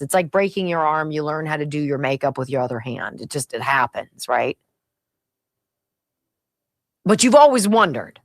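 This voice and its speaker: A middle-aged woman hosting a talk radio show, delivering an opinionated, sarcastic monologue and a host-read ad, laughing often and swinging between high excited bursts and low muttered asides. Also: dry recording, studio quality.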